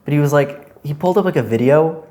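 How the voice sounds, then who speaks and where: A man's voice: fairly high pitch, fast talker, warm tone. A young man chatting casually on a podcast, rambling loosely with lots of "like" fillers. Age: young adult. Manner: rambling, loose, heavy use of "like". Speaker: guest.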